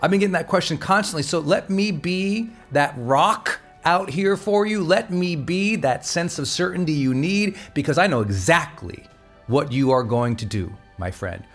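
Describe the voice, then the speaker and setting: A man hosting a motivational podcast, energetic and emphatic, moving between loud exhortation and quieter asides. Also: fairly high pitch, normal speed, faint music behind. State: fired up. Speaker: podcast host. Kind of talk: motivational monologue.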